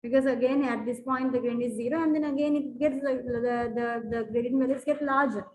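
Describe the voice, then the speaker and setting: High-voiced woman teaching a maths class. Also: steady tone, brisk, darkish tone, a little hiss or hum, low-quality recording. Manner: checks often whether students follow; repetitive, with many fillers and restarts. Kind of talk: classroom lesson explaining graphs.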